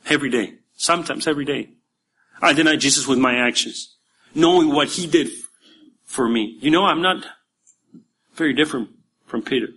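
A man, a pastor preaching a sermon in a church, emphatic at times and dropping to quiet asides. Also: fairly high pitch, normal speed, long pauses, breathy edge.

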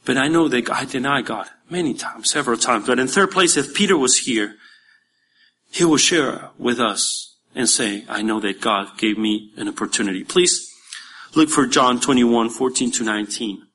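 A man, a pastor preaching a sermon in a church, emphatic at times and dropping to quiet asides. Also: medium pitch, expressive, normal speed, slight background noise.

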